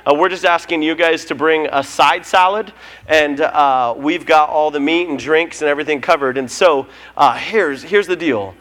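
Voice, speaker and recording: A man with a slightly high voice leads a church service. He runs through the announcements casually, joking and telling stories with plenty of fillers. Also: moderate pace, a bit bright. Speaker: pastor.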